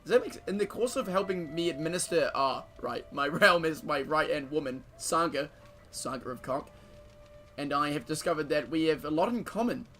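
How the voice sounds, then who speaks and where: A man with a slightly higher voice gives loose, profane commentary over a strategy game, joking to his viewers and reading events aloud. Faint game music plays softly behind him. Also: moderate pace. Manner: casual, profane, joking banter with frequent laughter. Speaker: streamer. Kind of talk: gameplay commentary.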